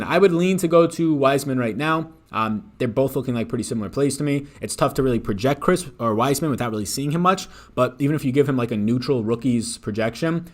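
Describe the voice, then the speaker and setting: Brief: male stream host, rapid-fire casual delivery, swears a lot, mid-pitched. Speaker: fantasy sports picks host. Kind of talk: live-stream sports betting talk.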